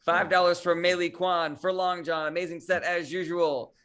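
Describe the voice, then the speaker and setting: A man's voice: high voice, little pitch movement, normal speed, fairly bright tone, clear, resonant tone. A man co-hosting a casual online comedy show over a video call, upbeat as he rattles off viewer tips. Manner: upbeat, rattles off names and amounts. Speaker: co-host reading out viewer tips.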